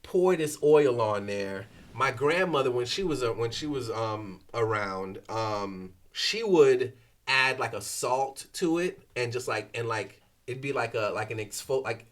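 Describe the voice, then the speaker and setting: A man with a Haitian family background, chatting casually as a guest and telling stories with lively acted-out dialogue. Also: a little slow. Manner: animated storyteller, acts out exchanges with lively shifts in pitch. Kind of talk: casual chat.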